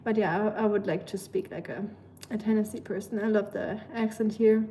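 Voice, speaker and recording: A woman's voice: mid-range voice, steady tone, a little fast, warm tone. A woman from Germany with a German accent, chatting casually and rambling with lots of fillers on a livestream. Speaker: live streamer.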